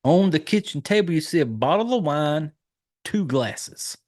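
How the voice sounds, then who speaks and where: Profane, animated Southern man recapping. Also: a little high, unhurried. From Southern United States. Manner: profane, animated storytelling with acted-out quotes. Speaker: podcast host reviewing a horror film. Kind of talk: casual film recap chat.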